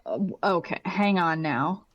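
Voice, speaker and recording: A woman's voice: lowish voice, unhurried. A woman playing a tabletop game, talking in an emotional, hesitant way. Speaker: player. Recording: muffled lo-fi audio.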